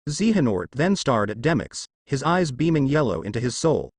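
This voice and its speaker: A man reads a fan-fiction story aloud, telling it in a steady storytelling manner. His pitch sits in the middle but moves lively up and down. The recording is dry, with no room sound. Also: normal speed, husky, no echo. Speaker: narrator.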